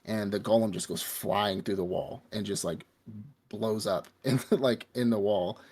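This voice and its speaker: A man's voice: fairly low pitch, steady tone, unhurried, darkish tone, slightly rough. A man hosting a podcast, casually and profanely retelling an anime episode. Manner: rambling, profane storytelling with laughs. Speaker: podcast host. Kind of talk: casual anime recap chat.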